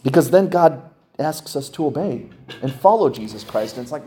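A middle-aged male pastor preaching a sermon, telling stories with sudden jumps up in pitch for emphasis. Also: a little fast. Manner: animated storytelling, voice jumping up for emphasis.

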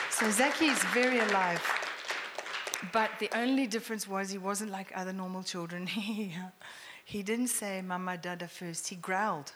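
A woman's voice: medium pitch, moderate pace, a faint crowd. Middle-aged woman telling a story in an echoey hall. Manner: animated, laughing often, drops to hushed near-whispers. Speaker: speaker sharing a testimony. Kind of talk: personal testimony storytelling. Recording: echoey hall with faint noise.

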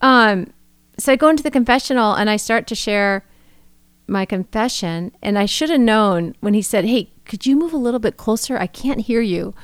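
A woman co-hosting a podcast, telling a story casually with frequent laughter and lively quoted dialogue. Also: fairly high pitch, normal speed, smooth, dry recording. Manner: laughing often, animated retelling with quoted dialogue. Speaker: podcast co-host.

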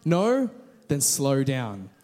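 A man quoting a calm, encouraging male running coach who gives steady instructions. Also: mid-range voice, very slow, big-room sound, heavily acted.

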